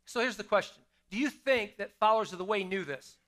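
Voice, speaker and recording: A middle-aged male pastor preaching in a church, with a fairly high voice for a man. His tone is bright and forward. He keeps it conversational, putting questions to the congregation and repeating his key lines. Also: fairly quick. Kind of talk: sermon. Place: church sanctuary.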